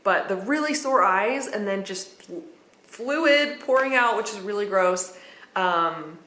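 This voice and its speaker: Woman vlogging casually, candid and chatty, mid pitch, roomy echo. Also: lively intonation, unhurried, fairly bright tone. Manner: candid, chatty, with nervous laughs and many fillers. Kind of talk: casual personal account. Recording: echoey room.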